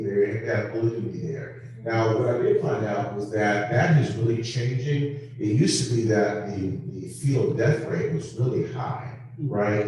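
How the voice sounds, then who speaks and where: A man's voice: lowish voice, dark tone. Man telling a story in an echoey hall. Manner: casual storytelling with frequent ums. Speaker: panelist sharing a mission trip. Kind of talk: church panel testimony with slides. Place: church hall. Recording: echoey hall from far off, faint noise.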